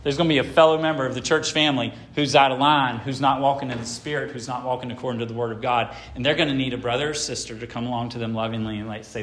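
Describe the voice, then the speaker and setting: A middle-aged man preaching a sermon to his church, swinging between loud emphatic stretches and quieter ones. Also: medium pitch, steady tone, racing, hardly any pauses, slight background noise. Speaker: pastor.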